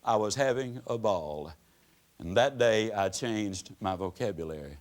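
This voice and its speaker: A man's voice: lowish voice, lively intonation, unhurried. A man giving a motivational speech to a live audience, telling folksy stories with sweeping rises and drops in his voice. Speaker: motivational speaker. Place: stage before an audience.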